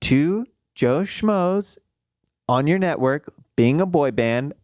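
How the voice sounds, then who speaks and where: A man playing an earnest wannabe performer who pitches himself in a salesy, upbeat way. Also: expressive, slow pace, a little mellow, no room sound, clean studio sound. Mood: pitching.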